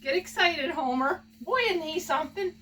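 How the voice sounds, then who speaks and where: A woman's voice: high-pitched, normal speed, far from the mic, very noisy. A woman opening gifts from fans on a home video, gushing, laughing often and using baby talk with her pet. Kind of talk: casual home video chat.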